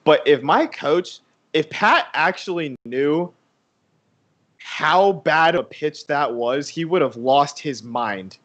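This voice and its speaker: A man's voice: fairly high pitch, animated, takes it slowly, a bit bright. A young man co-hosting a baseball watch party, rambling through a casual anecdote with lots of fillers. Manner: rambling storyteller, many fillers.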